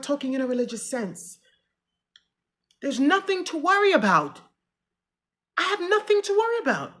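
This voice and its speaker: A middle-aged woman giving herself an emotional pep talk in a personal vlog. She talks to herself earnestly and swings from loud declarations to hushed, quiet lines. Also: high voice, sing-song, normal speed, pauses often. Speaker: vlogger.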